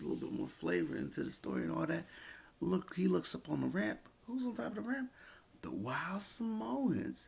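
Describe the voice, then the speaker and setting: A man's voice: on the high side, gravelly, darkish tone, slightly rough. A man giving a casual, rambling review of a wrestling event, with many fillers and restarts.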